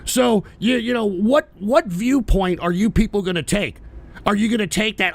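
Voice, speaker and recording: High, gravelly man ranting angrily. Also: a little fast, no room sound. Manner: profane, scornful, shouting bursts. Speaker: host. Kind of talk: angry political rant on a live stream.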